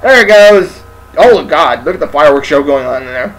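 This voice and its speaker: A man's voice: a little high, lively intonation, fairly quick, low-quality recording. A young man hosting a let's play, joking and bantering casually while playing. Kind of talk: casual gaming commentary.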